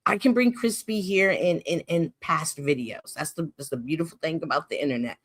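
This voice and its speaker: A woman hosts her live stream and rants to her chat. She swears freely and stays heated, swinging between loud outbursts and low asides. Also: brisk, husky. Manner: profane, heated, talks straight to chat. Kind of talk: casual live-stream rant.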